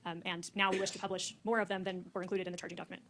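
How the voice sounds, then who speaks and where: A woman's voice: lowish voice, flat delivery, racing, fairly bright tone, slight background noise. A woman prosecutor arguing formally in court, heard from a courtroom feed. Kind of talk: courtroom argument.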